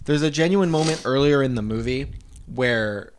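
Man, podcast host, casual chat, animated plot retelling, lots of "like", faint background noise. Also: medium pitch, moderate pace.

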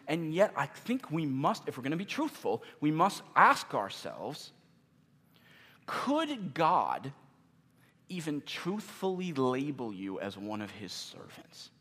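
A man preaching a sermon as pastor, earnest and emphatic, slowing down for key questions and hitting some words hard. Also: a little high, sing-song, husky. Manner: earnest, emphatic, with sudden loud stresses and slowed key questions. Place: church meeting in a gym. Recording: long reverb of a large gym.

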